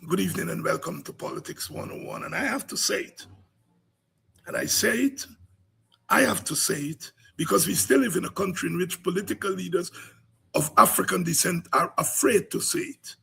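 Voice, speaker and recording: A Guyanese man hosting a political commentary program, speaking in an impassioned, preaching cadence that rises to cries and shouts. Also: sits high, moderate pace, creaky, husky.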